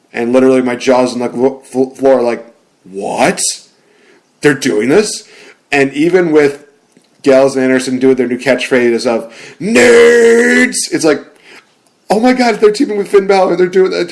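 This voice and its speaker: Young male co-host, excitable rambler, quick to laugh, casual chat delivery. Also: mid-range voice. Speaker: podcast co-host.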